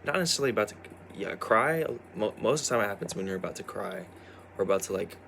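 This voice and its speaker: A young man with a fairly low voice talks to camera in a loose, halting vlog ramble. He is worn out from a sleepless night and keeps circling back with fillers and false starts. A faint hiss runs under the recording. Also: animated, gravelly, a bit bright. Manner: hesitant, full of restarts and "like". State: tired after staying up all night. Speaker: vlogger.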